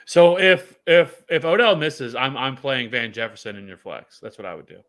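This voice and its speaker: Male co-host, bright tone, loose rambling delivery full of restarts. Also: medium pitch, moderate pace. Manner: rambling, many restarts and fillers. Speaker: fantasy football co-host. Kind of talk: casual podcast chat.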